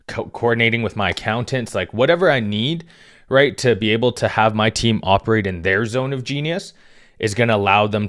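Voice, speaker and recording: Low-voiced man giving casual business advice. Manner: conversational, frequent "right?" and "um" fillers. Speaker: business coach. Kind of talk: casual direct-to-camera advice talk.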